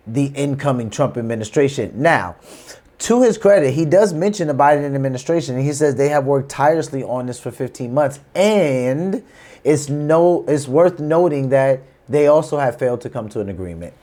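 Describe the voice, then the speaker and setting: A man's voice: medium pitch, darkish tone. A man hosting a reaction channel, explaining news clips in a conversational way before he plays them. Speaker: political reaction channel host. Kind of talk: casual commentary.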